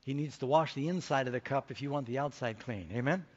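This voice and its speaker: A middle-aged man preaching a conference sermon, telling a story and rising to excited, emphatic peaks. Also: medium pitch, fast talker, muffled recording. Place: large conference hall stage.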